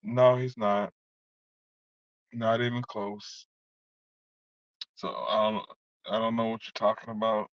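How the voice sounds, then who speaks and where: A fairly low, level-toned man takes his time and pauses often while venting in a heated vlog at someone who wronged him. He rambles, curses, and keeps falling back on "you know what I'm saying," captured in a dull, dry, lo-fi recording.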